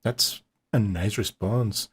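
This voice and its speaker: A man with a very low, husky voice talks through a reaction video. He speaks casually and hesitantly, restarting his sentences and laughing often. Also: slow pace.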